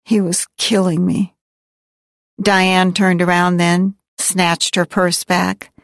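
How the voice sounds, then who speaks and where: Woman narrator for a literary audiobook, reflective and wry, unhurried, dry mic. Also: on the low side, flat delivery, no room sound. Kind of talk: first-person audiobook narration.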